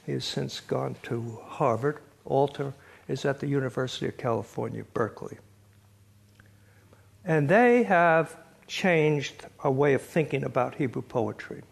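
A man's voice: mid-range voice, vocal fry, breathy edge. An older man giving a classroom lecture, telling stories with a wry chuckle and reading quotes aloud. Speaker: lecturer on biblical poetry.

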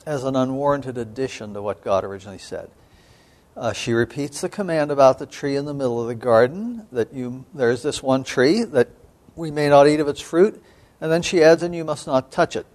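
A man lecturing as a seminary professor on scripture, measured and thoughtful, with frequent pauses and an occasional throat-clearing. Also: a little high, a little mellow. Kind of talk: biblical studies lecture.

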